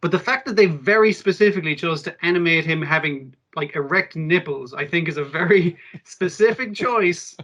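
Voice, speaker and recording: A man co-hosting an anime podcast, chatting casually, excitable and swearing as he recaps scenes. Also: a little high, moderate pace, hardly any pauses, dull audio. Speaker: podcast co-host. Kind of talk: casual chat about anime.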